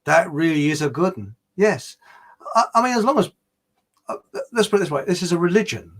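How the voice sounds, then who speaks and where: A man's voice: high voice, lively intonation, a little fast, a bit bright. A man hosting a livestream, chatting casually and rambling through anecdotes and viewer comments with plenty of fillers and restarts.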